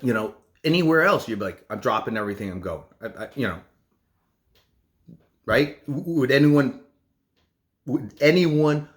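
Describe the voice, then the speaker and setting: A middle-aged man, a nurse, talking in a casual vlog from his home kitchen, rambling and halting with many restarts. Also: mid-range voice.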